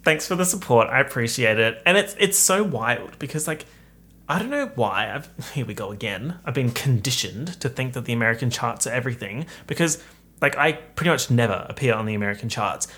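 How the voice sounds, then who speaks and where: Young male podcast host, campy and chatty, animated solo chat. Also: medium pitch, fairly quick.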